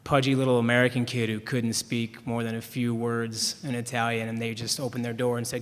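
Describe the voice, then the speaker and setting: Young male panelist, mid pitch, loose self-mocking storyteller, reverberant hall. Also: flat delivery, a little fast, few pauses. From Chicago, US. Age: young adult. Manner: rambling, self-deprecating, restarts often, laughs at himself. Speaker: writer on a panel. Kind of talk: anecdotal storytelling. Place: event hall with an audience.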